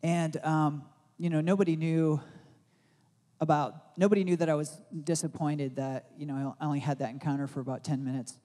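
A pastor giving a sermon, telling a rambling personal story full of fillers and restarts, growing loud and excited as he retells it. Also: fairly high pitch, normal speed, big-room sound.

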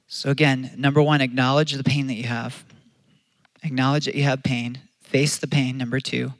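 A man's voice: mid-range voice, level tone, normal speed, no echo. A man preaching a sermon as pastor, earnest and conversational, often restarting his phrases.

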